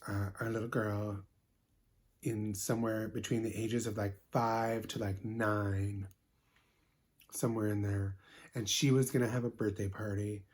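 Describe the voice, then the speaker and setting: A man's voice: fairly low pitch, lightly acted. A man playing a bubbly, sweet-natured young woman who talks with constant 'like' fillers while telling a comedic story. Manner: ditzy, filler-heavy 'like' talk.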